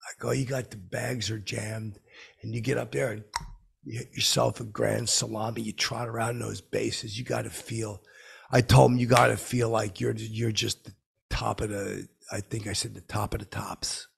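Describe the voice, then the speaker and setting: Gravelly, husky-voiced man telling tall tales. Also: lowish voice, little pitch movement, normal speed. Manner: rambling, boastful, clueless storyteller. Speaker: comedy podcast host. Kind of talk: comic storytelling in character.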